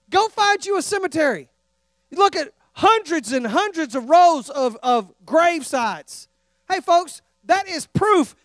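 A middle-aged Texan evangelist preaching with a very high, ringing voice, firing questions at the congregation. The sound is dry and up close, with no echo from the church around him. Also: male voice. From Texas. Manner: animated, calls out questions to the congregation. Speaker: traveling evangelist. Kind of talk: sermon. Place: church sanctuary.

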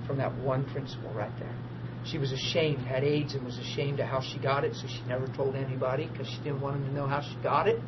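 A middle-aged man preaching a sermon built on personal testimony, animated, acting out the people in his stories and laughing easily. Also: mid-range voice, fast, hardly any pauses. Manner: animated storyteller, acts out dialogue, laughs easily. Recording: dull lo-fi archive recording with steady noise.

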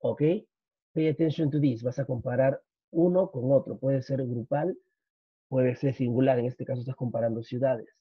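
A male English teacher delivers a repetitive, slide-based grammar lecture, drilling each point and switching into Spanish to explain. His voice is medium in pitch and slightly rough, with fairly even intonation and a fairly quick pace. The lo-fi recording sounds dull and has no echo.

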